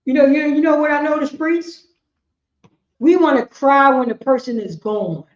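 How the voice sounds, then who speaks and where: A woman, teaching a class in a preaching style, emphatic and repetitive, swinging between loud bursts and quiet asides. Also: sits high, moderate pace. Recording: echoey room, muffled lo-fi sound.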